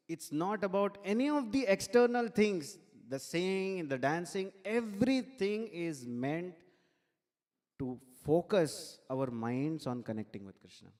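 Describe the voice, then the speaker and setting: A man preaches at a temple, telling a devotional story with animated energy. His voice sits somewhat high for a man. The long reverb of the hall rings after his phrases. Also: slow. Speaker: temple speaker.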